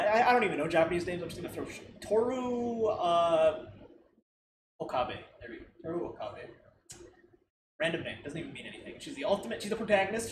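Rambling man in an echoey room. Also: high-pitched. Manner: rambling, thinks aloud with many fillers and laughs. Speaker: reaction video host. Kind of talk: casual reaction commentary. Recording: roomy, distant mic with clear background noise.

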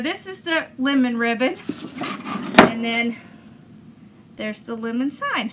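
A woman's voice: high voice, expressive, measured pace, long pauses, pushed and bright, a little hiss or hum. A woman hosting a crafting video, chatting enthusiastically as she talks viewers through each step. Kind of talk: casual crafting demonstration.

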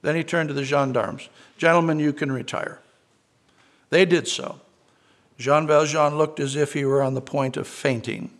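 Male pastor, earnest sermon, gravelly voice, slightly high pitch. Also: steady tone, moderate pace. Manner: earnest storytelling, quoting scripture. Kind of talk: sermon with read-aloud story.

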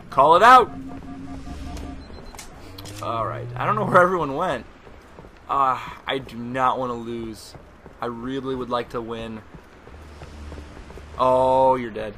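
A young man, still a student, commentating his own gameplay, yelping, shouting and swearing at the game. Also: mid-range voice, slow pace, long pauses, a little hiss or hum. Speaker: gaming commentator. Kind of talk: casual live gameplay commentary. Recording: loud game sound under the voice. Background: shooter game sounds and gunfire.

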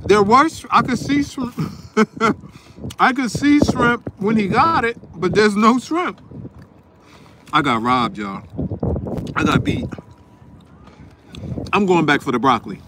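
A chatty, high-voiced vlogger from Newark, New Jersey, talks straight to viewers while chewing in a casual food vlog. He sounds slightly sniffly and is outdoors in a windy parking lot, with faint wind noise behind him.

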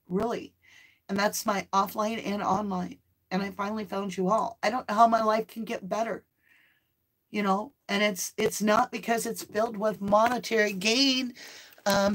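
A woman's voice: mid-range voice, low-quality recording. A woman hosting a casual livestream, gushing and tearful as she thanks her viewers. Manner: emotional, gushing, says "like" and "um" often. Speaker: channel host.

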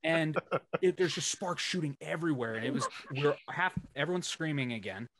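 Animated swearing man telling road stories. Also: fairly high pitch, fairly quick, noisy background. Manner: animated storyteller, swears freely, acts out what others said. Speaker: band member telling tour stories. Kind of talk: casual podcast chat.

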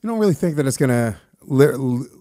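A man on a podcast throwing in quick, joking, profane reactions and riffs during the banter. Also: medium pitch, animated, dark tone, dry recording, clean studio sound.

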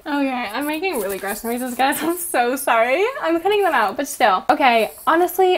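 Young woman, high voice, giggly and rambling, sweary casual vlog chat. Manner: giggly, rambling and profane, with frequent laughs. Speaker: YouTuber.

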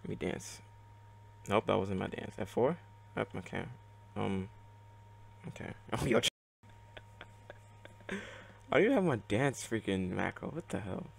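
A man giving live gameplay commentary, excitable and reactive, muttering and swearing at the game as he plays. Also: fairly low pitch, measured pace, gravelly, pauses often. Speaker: let's play gamer.

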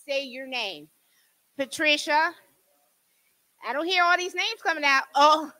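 A woman's voice: high voice, unhurried, pauses often, sharp tone, no room sound, poor audio. A woman in her sixties from New Jersey with a Southern accent, teaching a Bible study as an emphatic preacher who calls on the congregation. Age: 60s. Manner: emphatic preaching with laughs and audience prompts. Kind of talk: sermon. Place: church.

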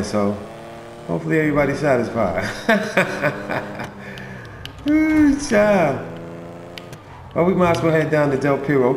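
Gravelly laid-back gamer guy. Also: fairly high pitch, roomy sound, background noise. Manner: laid-back, slangy, talks to game characters. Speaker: video game streamer. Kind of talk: casual gameplay commentary.

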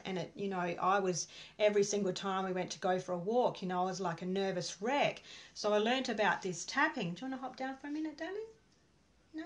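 Woman, workshop presenter, casual and rambling, lots of fillers, at home. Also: mid-range voice. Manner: chatty, rambling, many fillers. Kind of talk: casual live online workshop talk. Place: at home with her dog.

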